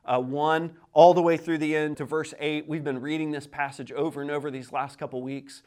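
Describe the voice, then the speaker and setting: A man in his thirties preaching a sermon as pastor, telling stories in an animated way and often repeating words as he starts a sentence. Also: on the high side, a little fast, clean tone. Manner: lively, animated storytelling with quoted voices.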